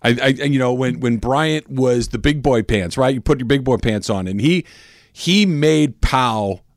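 A man's voice: mid-range voice, measured pace, dry recording, studio quality. Emphatic male sports talk co-host. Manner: emphatic, repeats words when starting.

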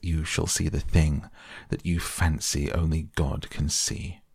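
A man's voice: very deep voice, little pitch movement, measured pace, creaky, a little mellow, slightly rough, dry recording, studio quality, heavily acted. A man reading as a scornful proud young man. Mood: mocking defiant. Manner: bitter, mocking, defiant. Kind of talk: softly read bedtime audiobook.

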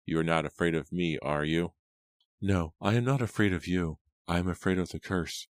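Soft-spoken young woman, read by a guy with a really deep voice, gentle, worried. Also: moderate pace, no room sound, lightly acted. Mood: fearful.

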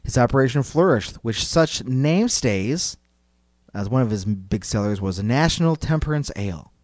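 Man, podcast host, casual rambling chat, middle pitch, dry close recording. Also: lively intonation, normal speed, darkish tone, dry recording. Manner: rambling, lots of "like" fillers, playful.

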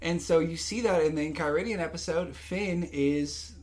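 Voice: medium pitch, normal speed, crowd noise. An enthusiastic podcast co-host in casual chat. This host eagerly shares trivia and fun facts from prepared notes.

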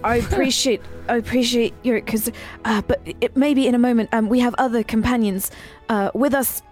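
A woman's voice: on the high side, fairly even intonation, brisk, a little mellow, faint music behind. Hesitant woman speaking in character. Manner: hesitant, stumbling. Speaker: player. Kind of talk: in-character tabletop play.

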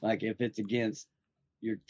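This podcast host's voice is low and a little mellow, delivered flatly at a measured pace. He tells loose, rambling stories stuffed with fillers in casual chat, and the lo-fi audio comes across slightly dull.

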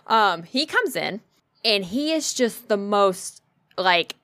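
A woman's voice: medium pitch, slow pace, no room sound, studio quality. A woman telling a personal story in casual chat, blunt and full of swearing. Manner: blunt, heavily profane, animated storytelling.

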